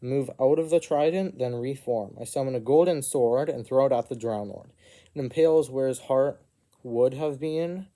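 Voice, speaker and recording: A man narrates an improvised fantasy adventure in the first person. His voice is mellow and soft-edged, and he keeps breaking off for asides and self-corrections. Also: mid-range voice, moderate pace. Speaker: storyteller.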